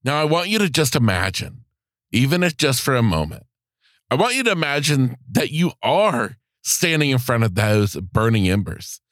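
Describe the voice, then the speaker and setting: A man's voice: medium pitch, big pitch swings, normal speed, a bit bright, no echo, clean studio sound. A male podcast host talking straight to his listeners in an earnest, encouraging, motivational way. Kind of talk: motivational solo podcast talk.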